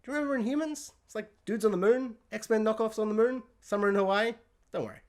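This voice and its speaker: An excitable man rants to his camera alone in his room, reviewing spoilers with big emphasis. His delivery jumps from loud outbursts down to low, half-muttered asides. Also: fast talker. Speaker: pop culture reviewer and podcast host. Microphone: camera mic.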